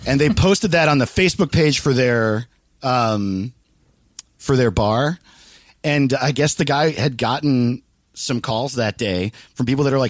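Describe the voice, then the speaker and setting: A man's voice: mid-range voice, a little slow, no room sound. A man from Los Angeles, a comedian, telling a story in casual chat, often laughing and swearing freely as he animatedly recounts it.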